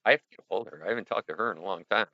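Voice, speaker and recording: A middle-aged man hosting a casual livestream, rambling and upbeat as he chats to viewers and keeps punctuating with "boom". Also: racing, creaky, no echo. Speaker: livestream host. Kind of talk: casual livestream chat reviewing viewer art. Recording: dull lo-fi stream audio.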